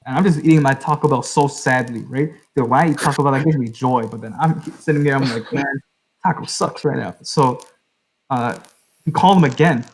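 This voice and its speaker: A man's voice: mid-range voice, fairly quick, poor audio. A young adult man hosting a podcast, telling a long story in a loose, rambling way, leaning on "like" and "right?". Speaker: podcast host. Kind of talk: casual storytelling.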